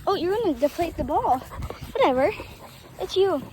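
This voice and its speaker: A woman's voice: very high-pitched, animated, normal speed, a little mellow, a little hiss or hum. A young girl playing outdoors with her dog, coaxing and chatting to him in a playful sing-song voice. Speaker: dog owner. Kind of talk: casual vlog talk to a dog. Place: outdoors in a yard.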